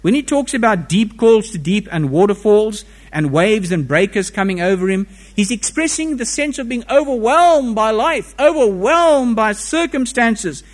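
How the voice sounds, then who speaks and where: A man preaching a sermon, reading scripture and explaining it with expressive rises and falls in pitch and volume. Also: normal speed, hardly any pauses.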